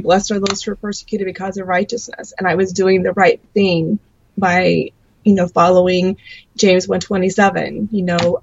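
Woman guest, faith testimony, earnest, halting, gravelly voice, dull lo-fi sound. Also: lowish voice, no room sound. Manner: earnest, halting with frequent ums. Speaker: interview guest, mother.

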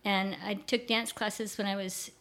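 A woman's voice: medium pitch, little pitch movement, measured pace, fairly bright tone. An older woman chatting as a guest in an interview, enthusiastic and rambling, with frequent restarts. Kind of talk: casual conversational interview.

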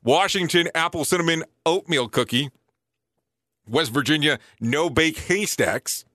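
A man around forty hosting a casual show, reading lists quickly and breaking in with surprised, joking asides. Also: a little high, bright, forceful tone, dry recording. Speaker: show host.

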